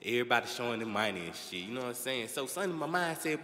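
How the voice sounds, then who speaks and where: Young male stand-up, profane and animated storyteller, live set, echoey room. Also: mid-range voice, very fast. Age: young adult. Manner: profane, animated storytelling with constant "you know what I'm saying". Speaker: stand-up comedian. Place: comedy club stage.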